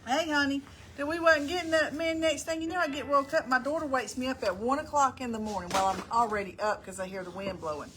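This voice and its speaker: Hosting a casual live stream, a middle-aged woman chats away in a folksy, rambling style, calling out viewers by name. Her voice is a little higher than most, fairly bright and fairly even in intonation, and she talks fast. A faint hiss sits beneath her.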